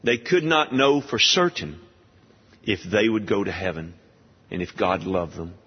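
Preaching an expository sermon, an animated man speaks at a slow, deliberate pace, pushing rhetorical questions as his pitch rises and falls widely. The recording is dull and lo-fi, and his slightly husky voice echoes with long hall reverb.

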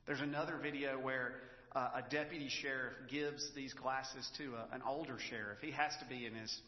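A man preaching to his congregation, talking it through in a relaxed, storytelling way. His voice rings out in a large, echoey church hall with a long reverb tail, and the recording sounds a bit dull and lo-fi. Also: medium pitch, moderate pace. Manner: conversational, storytelling, emotional at times. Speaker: pastor. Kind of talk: sermon.

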